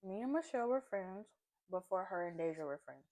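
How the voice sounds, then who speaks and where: A chatty woman tells a story from her own life while she eats, in a loose, animated way. She fills her talk with asides and fillers and keeps checking in with her listener. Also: medium pitch, brisk. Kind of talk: casual storytime while eating. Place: at home, eating a seafood boil.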